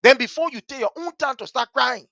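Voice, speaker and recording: A man with a Liberian English accent hosting a talk show. He tells a story with passion, swinging between hushed and loud. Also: extremely high pitch, fairly quick, gravelly, no room sound, lo-fi sound. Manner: vivid, story-driven. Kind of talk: animated radio commentary with storytelling.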